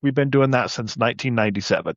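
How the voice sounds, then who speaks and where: Male interview guest, storyteller, mid pitch, dry muffled mic. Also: fast talker, no echo. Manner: storytelling, animated anecdotes. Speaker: podcast guest, side hustle coach. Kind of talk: casual interview talk.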